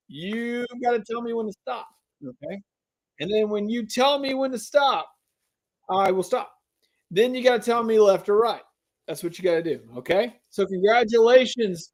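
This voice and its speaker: High-voiced man hosting a live giveaway. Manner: hypes and drags out suspense, talks to chat. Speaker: live stream host. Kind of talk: live stream giveaway chat.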